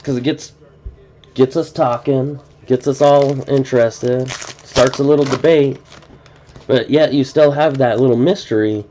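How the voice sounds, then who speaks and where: The host of this card-breaking live stream speaks in a steady, mellow, medium-pitched voice, a little slowly. He chats and thinks aloud casually, often beginning sentences again. Faint noise runs through the dull lo-fi stream audio.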